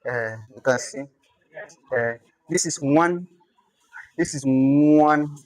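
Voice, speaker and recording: A man teaching a language class, explaining patiently and repeating words slowly. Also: medium pitch, no room sound. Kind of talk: classroom lesson.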